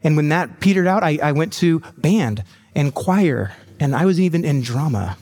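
A man in his forties, a pastor telling his testimony in a sermon, with self-deprecating humor and lively asides. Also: fairly high pitch, normal speed, slightly rough.

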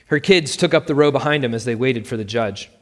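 A man narrating a story in a steady, plain reading voice. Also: mid-range voice, a little fast. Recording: long hall reverb.

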